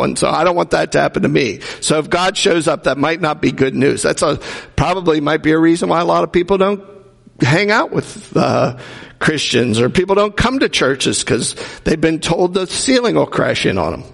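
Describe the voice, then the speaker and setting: A man preaching in a casual, talky way, his voice a touch high and gravelly. His sermon rings with a long hall reverb, as if in a large church. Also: lively intonation, moderate pace, a bit bright. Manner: conversational preaching with jokes and acted-out quotes. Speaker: pastor.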